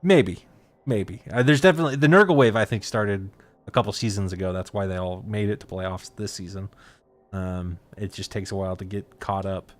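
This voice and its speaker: A man hosts a casual esports talk show in a somewhat low voice. He talks in a laid-back way and fills his pauses with uh and um. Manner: lots of uh and um fillers, laid-back. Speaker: host.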